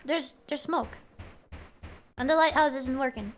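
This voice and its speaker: A woman streamer with a high-pitched voice plays a horror game at a measured pace, offering casual, playful commentary and joking with her chat. A little hiss or hum can be heard.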